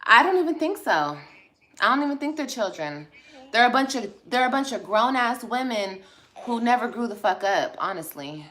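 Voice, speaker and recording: Bright-voiced, sassy woman vlogger. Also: fairly high pitch, very animated, moderate pace. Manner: blunt, sassy and profane, scolding viewers. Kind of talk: casual livestream chat replying to comments.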